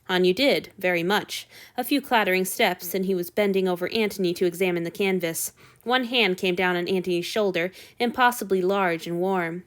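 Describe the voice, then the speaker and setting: A woman reading fan fiction aloud with expressive storytelling narration. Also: fairly low pitch, normal speed. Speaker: audiobook reader.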